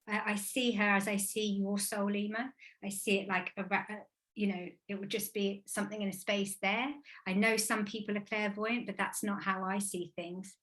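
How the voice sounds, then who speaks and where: A woman's voice: medium pitch, pushed and bright. A woman in her thirties from England, a guest speaker talking about spirit and grief in an earnest, emotional, rambling way. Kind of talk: casual spiritual talk.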